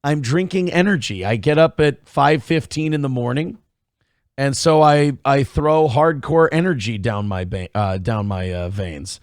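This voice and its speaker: Crude, rambling morning show host. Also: male voice, mid-range voice, unhurried, dry recording, studio quality. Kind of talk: casual live-stream commentary.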